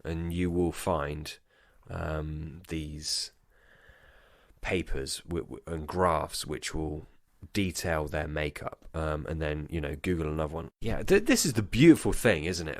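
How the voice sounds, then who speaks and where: Drunk guy on a podcast mic, deep, swears a lot and wanders off topic, dry sound. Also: normal speed, dry recording. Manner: rambling, sweary, goes off on tangents. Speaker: podcast co-host. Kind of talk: casual chat.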